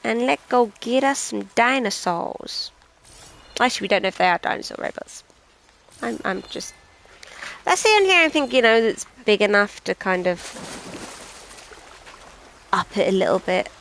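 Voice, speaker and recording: Commenting casually on the game she's streaming, a British woman rambles and frequently makes fun of herself. Her medium-pitched voice is creaky and fairly bright, moving at a moderate pace with frequent pauses, and the recording quality is low.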